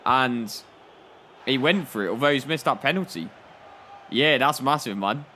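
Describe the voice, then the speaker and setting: Bright-voiced lad joking over gameplay. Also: male voice, mid-range voice, animated, moderate pace, slight background noise. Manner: playful storytelling, laughing at his own jokes. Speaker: gaming YouTuber.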